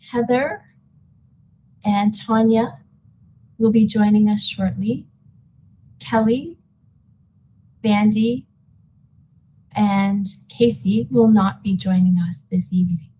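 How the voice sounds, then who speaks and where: A woman chairing an online board meeting over a video call, friendly and pausing often with fillers. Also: mid-range voice, lively intonation, a little mellow, breathy edge, poor audio. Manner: friendly, with frequent filler pauses.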